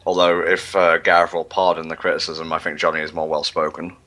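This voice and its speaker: A man's voice: low-pitched, completely flat delivery, a little fast, a bit bright. A man co-hosting a gaming livestream, rambling and self-mocking in casual chat. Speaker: livestream co-host.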